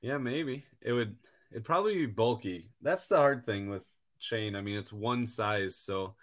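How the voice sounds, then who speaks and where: A man guesting on a podcast, talking about his craft in a relaxed, easygoing way. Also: fairly low pitch, a little slow. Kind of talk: casual interview chat.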